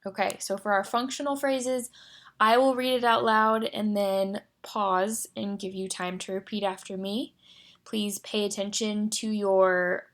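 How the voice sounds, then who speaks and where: Speech therapy instructor, young woman, mid-pitched, a touch of fry, deliberate and encouraging. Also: steady tone, fairly bright tone. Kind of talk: guided voice exercise lesson.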